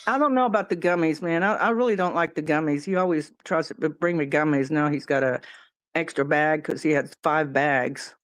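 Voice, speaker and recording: Middle-pitched rambling chatterbox, casual swearing, dry close sound. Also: brisk, dry recording. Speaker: friend in conversation. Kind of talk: casual chat.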